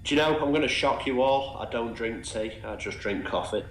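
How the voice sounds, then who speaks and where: A man's voice: mid-range voice, a little fast. A man with a Manchester accent jokes around on voice chat in an easygoing way. His voice carries a roomy echo over faint background noise. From Manchester, England. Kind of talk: casual voice-chat banter.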